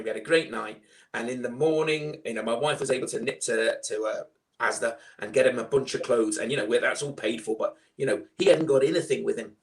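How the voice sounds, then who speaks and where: Guy on a video call, acting out all the back and forth as he tells it, mid pitch. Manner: animated storyteller, acts out dialogue. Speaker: guest. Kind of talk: storytelling in a live online chat.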